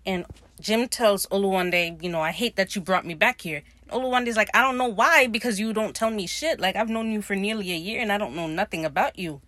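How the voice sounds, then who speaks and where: Animated woman recapping a show. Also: mid-range voice, brisk, dry recording. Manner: animated, acts out characters' lines while retelling. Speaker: podcast recap host. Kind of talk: casual episode recap.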